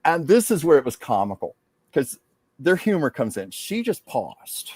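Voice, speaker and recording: A man's voice: fairly high pitch, sing-song, darkish tone, slightly rough, dry recording. A man hosting a psychic show, talking earnestly and casually about a channeled message. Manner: earnest, heartfelt, slows down to read aloud. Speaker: psychic medium and host.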